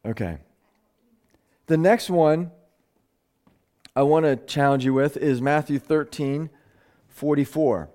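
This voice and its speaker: A man's voice: a little high, takes it slowly, pauses often, mellow. A man preaching a live sermon to a gathering, earnest, often stumbling over words and restarting phrases, his voice rising and speeding up when he stresses a point.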